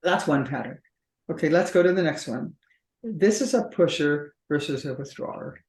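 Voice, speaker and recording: Her voice sits low and a little mellow as this woman, a couples therapist, explains patterns in an interview and often quotes partners in acted-out dialogue, all with roomy echo.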